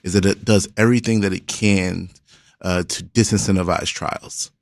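A man who is a public defender, a studio guest explaining the legal system in a measured way. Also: sits low, fairly even intonation, no room sound. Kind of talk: radio interview.

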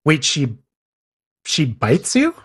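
A man's voice: a little high, huge pitch swings, slow, a bit bright, breathy edge. A man interviewing a guest, asking short and curious follow-up questions. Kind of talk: casual interview.

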